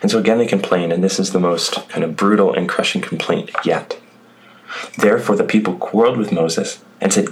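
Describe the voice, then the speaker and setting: Low-voiced man preaching a sermon. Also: steady tone, normal speed, slight background noise, poor audio. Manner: reads scripture aloud then reflects, conversational asides. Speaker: pastor.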